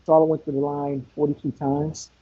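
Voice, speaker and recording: A man's voice: on the high side, little pitch movement, normal speed, husky. A man talking sports on a podcast in an emphatic way, repeating himself for effect. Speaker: podcast co-host. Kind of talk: casual sports talk. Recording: muffled lo-fi podcast audio.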